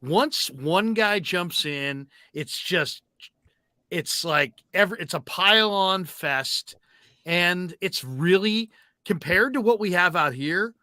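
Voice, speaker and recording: A male co-host with a high, lively voice and a bright, sharp tone. He tells wry stories in casual sports chat and stammers when he restarts. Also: takes it slowly, no room sound, studio quality.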